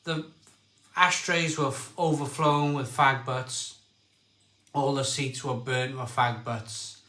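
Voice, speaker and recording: A middle-aged man hosting a casual livestream, telling rambling, excitable stories and reading out viewer comments. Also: medium pitch, takes it slowly, echoey room. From Barry, Wales. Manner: rambling storyteller, lively and excitable, often restarts sentences. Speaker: livestream host.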